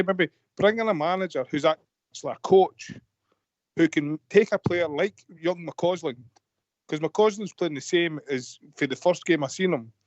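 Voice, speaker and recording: A man's voice: a little high, darkish tone, no echo. A Scottish man calling a fan radio phone-in, talking in a frustrated, rambling way with many restarts, over a muffled line. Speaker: caller.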